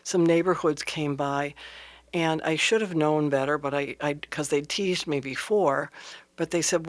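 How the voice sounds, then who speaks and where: A woman tells a heartfelt personal story as a guest on a radio talk show. Her delivery is earnest and halting, with pauses and restarts, and she softens to a near hush at the tender points. She is heard close on a studio microphone. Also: low voice, steady tone. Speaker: interview guest.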